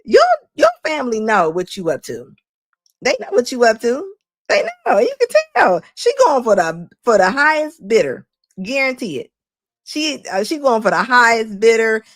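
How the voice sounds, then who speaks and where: A woman's voice: on the high side, very animated, dry recording, studio quality. A woman hosting a live stream, giving sassy, laughing reaction commentary. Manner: laughing, sassy, rapid asides.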